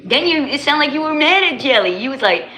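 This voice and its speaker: A woman with a New Jersey accent chatting casually with viewers on her livestream, animated and laughing often, full of slang. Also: sits high, a little fast. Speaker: livestream host. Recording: echoey room with faint noise.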